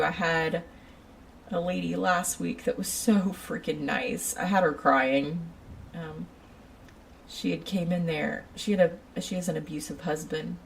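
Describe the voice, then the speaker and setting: A woman who works in a shoe store, telling a casual, animated story about her customers and laughing often. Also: on the low side, vocal fry, distant mic, slight background noise, rough recording. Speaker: retail shoe store worker.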